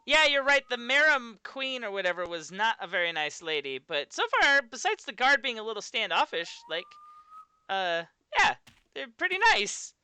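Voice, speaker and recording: A woman streamer chats her way through a live game session. Her voice is high and bright and swoops wildly up and down, and she sounds animated and giggly. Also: moderate pace, clean tone. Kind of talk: live game-play commentary.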